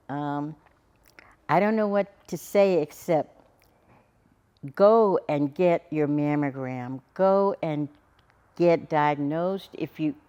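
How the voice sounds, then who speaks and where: A middle-aged woman, a podcast guest, telling her personal story in an earnest, halting way with frequent restarts. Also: low-pitched, darkish tone. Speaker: guest, cancer survivor.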